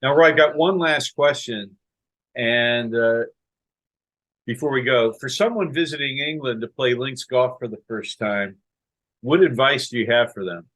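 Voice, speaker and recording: A man's voice: mid-range voice, measured pace, fairly bright tone, low-quality recording. Us guy hosting a golf podcast, chatty, lots of fillers and "right?". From United States. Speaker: podcast host. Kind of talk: casual interview chat.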